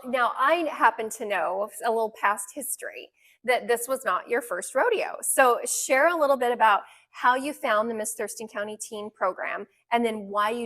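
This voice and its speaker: A woman's voice: medium pitch, fairly bright tone. A woman hosting an interview podcast, asking questions and murmuring agreement as her guest talks. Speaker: podcast host. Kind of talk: casual interview.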